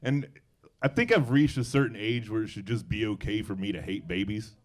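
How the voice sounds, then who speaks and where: A man's voice: lowish voice, lively intonation, a little fast. Southern guy doing standup, laid back and self-deprecating, dry jokes, kinda young. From Alabama. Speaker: stand-up comedian. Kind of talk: stand-up comedy set. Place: comedy club stage.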